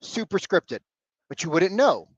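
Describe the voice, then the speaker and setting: Blunt, high-voiced male sales coach. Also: a little slow, breathy edge, no room sound, muffled recording. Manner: energetic, blunt and animated, swears casually. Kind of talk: live coaching session on a video call. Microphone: video call.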